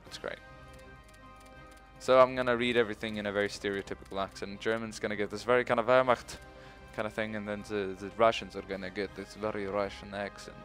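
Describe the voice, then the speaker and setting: A man's voice: fairly low pitch, little pitch movement, fairly quick, a bit bright, soft background music. A young man commentating his own strategy game playthrough, rambling and swearing often. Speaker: let's play host. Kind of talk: gaming commentary.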